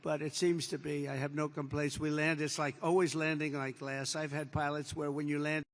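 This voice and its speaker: Gravelly older man in an echoing hall. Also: fairly high pitch, flat delivery, normal speed. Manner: digressive, repetitive, with acted-out quotes. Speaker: president giving a speech. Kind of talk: rambling anecdotal speech to an audience. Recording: long reverb of a large hall.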